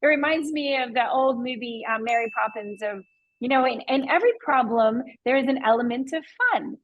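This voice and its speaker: A woman's voice: a little high, brisk, lo-fi sound. A woman hosting a podcast interview, enthusiastic and encouraging toward her guest. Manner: enthusiastic and encouraging, full of praise. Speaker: podcast host and real estate agent. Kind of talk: interview conversation.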